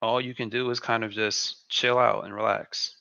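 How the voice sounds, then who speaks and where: A man's voice: medium pitch, level tone, normal speed, vocal fry, pushed and bright, clean tone. A man hosting a live trading stream, giving laid-back market commentary and repeating phrases to himself on a dull, lo-fi recording.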